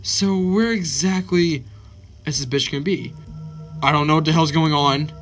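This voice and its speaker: Guy doing horror game commentary, kinda high voice, bright and punchy, swears nonstop, freaks out at jumpscares. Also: normal speed, soft background music. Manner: excitable, swears constantly, yelps when startled. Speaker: gaming channel host. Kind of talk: let's play commentary.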